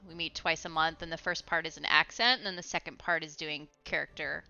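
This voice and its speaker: A young woman streaming from home, chatting casually and rambling while she plays a game, quick to laugh. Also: sits low, fairly even intonation, creaky, pushed and bright. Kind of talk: casual gaming stream chat. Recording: slightly muffled, faint music behind.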